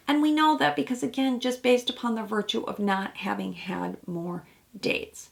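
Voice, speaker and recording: A woman therapist talks through a reality show episode in a relaxed, chatty way. Her voice has a gravelly, fry-edged texture. She slips into acted-out quotes of the people on screen. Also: fairly high pitch, normal speed. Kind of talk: casual commentary on a TV episode.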